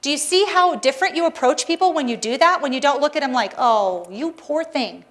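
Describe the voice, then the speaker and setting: A woman's voice: high-pitched, fast, fairly bright tone. A woman practitioner giving a Sunday sermon to her congregation, earnest and encouraging, with playful asides. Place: church service hall.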